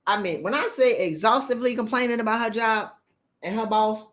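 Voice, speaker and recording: A woman's voice: on the high side, a little fast, a bit bright, reverberant. A woman leadership coach giving a motivational talk, blunt and emphatic, firing off rhetorical questions in sassy, colloquial speech.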